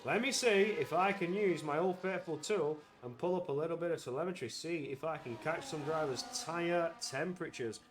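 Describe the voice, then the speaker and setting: High-voiced excitable racing commentator man. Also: normal speed, hardly any pauses. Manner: excitable, rises to shouts at action. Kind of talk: live sim racing commentary.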